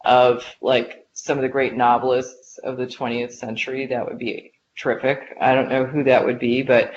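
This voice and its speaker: A woman executive talking as an interview guest, chatty and full of filler likes as she tells stories. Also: extremely low pitch. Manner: chatty, many filler likes, lively storytelling. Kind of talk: casual conversational interview. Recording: dull lo-fi podcast audio with faint hiss.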